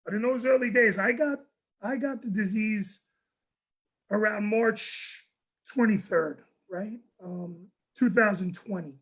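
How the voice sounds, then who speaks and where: A man, a guest on a panel, telling a personal story in an animated way, often restarting and repeating words. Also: high voice, takes it slowly, husky, low-quality recording. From New York. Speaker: guest speaker.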